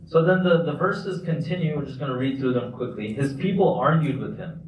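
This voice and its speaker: A man's voice: mid-range voice, a little fast, highs cut off. A man giving a casual, conversational Quran lesson at a mosque, explaining points with loose restarts. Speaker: mufti teaching a class. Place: large mosque hall. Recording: echoey hall, distant mic, faint noise.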